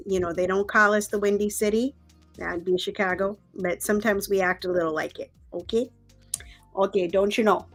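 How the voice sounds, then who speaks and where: A woman's voice: a little high, sharp tone. Woman, Minnesotan accent, casual live-stream co-host, playful folksy asides, faint background music. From Minnesota, USA.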